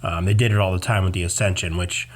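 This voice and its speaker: A man with a slightly low voice co-hosts a podcast in easygoing, casual chat. He rambles through his opinions, stacking up fillers and side remarks as he goes. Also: steady tone, fast talker, slight background noise. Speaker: podcast co-host.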